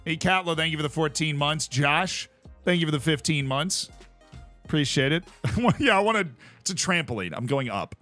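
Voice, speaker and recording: A man chatting on a game stream, telling stories with a lively, swooping delivery and laughing often. His voice is bright and forward, and faint music plays behind him. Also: a little high, moderate pace. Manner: animated storytelling, laughs often. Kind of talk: casual chat while playing a game.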